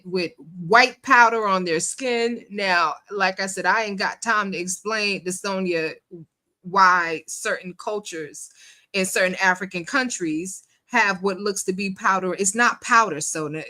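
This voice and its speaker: A woman with a bright, forward voice hosts a livestream and picks apart a phone call. Her commentary is sassy and colloquial, and she laughs a lot at her own mocking asides. Her pitch sits in a middle range. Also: a little slow. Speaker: livestream host.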